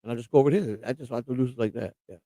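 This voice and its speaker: A man's voice: mid-range voice, very fast, dark tone, no echo. A middle-aged man hosting a live stream, rambling and combative in casual chat. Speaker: livestream host.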